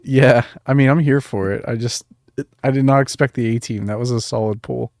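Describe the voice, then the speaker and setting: A man's voice: mid-range voice, steady tone, a little fast, a little mellow, dry recording, clean studio sound. A man co-hosting a podcast, chatting about a horror film in a laid-back way, saying "like" a lot. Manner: laid-back, laughs along, says like a lot. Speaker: podcast co-host. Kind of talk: casual movie chat.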